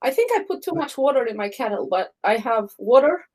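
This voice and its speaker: A woman co-hosting a casual livestream chat, talking in a chatty, slightly halting way. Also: on the high side, lively intonation, darkish tone, poor audio. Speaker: co-host.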